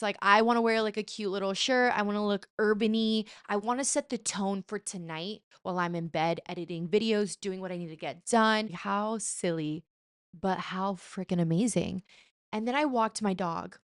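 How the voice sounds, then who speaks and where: A young woman vlogging in a chatty, animated, self-mocking way, sometimes slipping into playful put-on voices. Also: mid-range voice, no echo, studio quality. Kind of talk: casual chat.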